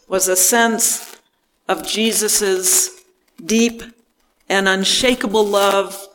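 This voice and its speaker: A man preaching a reflective sermon, speaking gently with pauses between phrases. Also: high-pitched, big-room sound, slight background noise.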